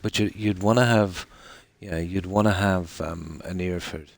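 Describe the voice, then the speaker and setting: At a normal speed, with a gravelly voice and fairly even intonation, a deep-voiced Irish man chats with his live-stream audience as he plays. His casual talk drifts and circles back, with lots of ums and restarts.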